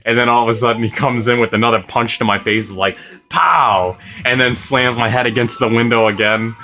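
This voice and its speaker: A man's voice: mid-range voice, level tone, fast talker, pushed and bright. Young man telling a profane story. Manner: profane, rambling, laughs often. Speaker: gaming video host. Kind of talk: casual storytelling while playing.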